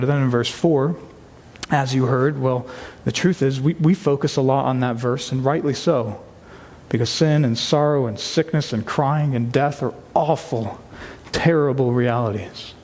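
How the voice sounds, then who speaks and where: A man's voice: mid-range voice, fairly even intonation, normal speed, darkish tone, big-room sound. A man preaching a sermon to his church, reading scripture aloud with earnest emphasis. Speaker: pastor. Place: church sanctuary.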